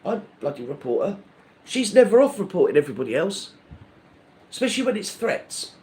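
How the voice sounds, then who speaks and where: A man's voice: sits high, very animated, brisk, a little mellow. A man hosting a live stream, ranting in a rambling, indignant, gossipy way with many restarts.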